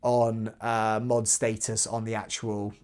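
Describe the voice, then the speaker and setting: A man's voice: fairly low pitch, level tone, slow, darkish tone. A man hosting a live airsoft stream, chatting casually and reading out viewer comments between giveaway talk. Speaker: airsoft channel host.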